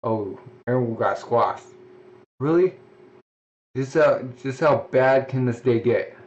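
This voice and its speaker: A man's voice: mid-range voice, slow pace. Man reading manga aloud, lo-fi. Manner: reacts with huh and voiced sound effects. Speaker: manga reader. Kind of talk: casual manga read-aloud with commentary.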